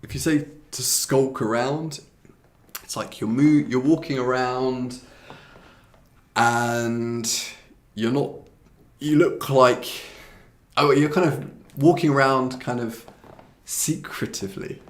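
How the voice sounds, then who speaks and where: A man's voice: medium pitch, slow, pauses often. A British man giving a casual language lesson, chatty and self-deprecating, often restarting his sentences as he searches for the right words. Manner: laughs at himself. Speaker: English teacher. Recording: roomy echo.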